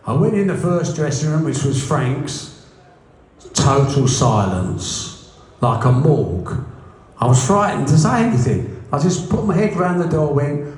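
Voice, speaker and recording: A man recounting his early days as a boxing promoter, blunt and humorous. His voice rises and falls with lively energy and sits a little high. The recording is heavy with room echo. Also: unhurried. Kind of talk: anecdotal interview storytelling. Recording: echoey room.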